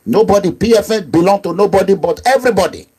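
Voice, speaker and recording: A middle-aged man with a Nigerian accent, delivering an impassioned monologue as an activist leader, emphatic and repetitive, with low asides and raised outbursts. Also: lively intonation, fast, darkish tone, breathy edge.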